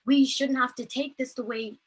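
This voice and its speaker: A woman's voice: high voice, fairly even intonation, normal speed, breathy edge, poor audio. A woman, giving earnest, impassioned personal testimony over a video call. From Ireland. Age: late teens. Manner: earnest, impassioned, filler-heavy storytelling. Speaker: protest speaker.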